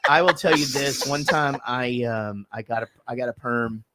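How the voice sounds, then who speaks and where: A man's voice: medium pitch, moderate pace, over a noisy crowd. A man co-hosting a comedy movie podcast, recapping a film in loose, joking banter and laughing often. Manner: animated, laughs a lot, breaks into quoted voices. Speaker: podcast co-host.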